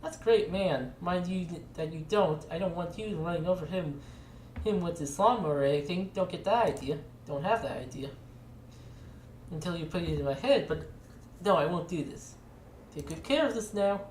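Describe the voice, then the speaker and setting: A woman's voice: on the low side, moderate pace, darkish tone, natural voice. A woman voicing an earnest male craftsman who loves wheels and machines. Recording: echoey room with faint noise.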